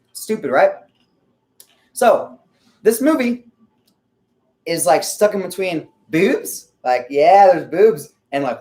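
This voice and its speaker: A man rambling in a casual monologue, swearing a lot, full of fillers and frequent throat clearing. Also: medium pitch, a little mellow. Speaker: vlogger.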